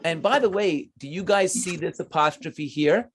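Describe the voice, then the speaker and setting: A man's voice: a little high, normal speed, slight background noise. A man teaching math to children, patient and encouraging as he explains each step. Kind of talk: online class teaching.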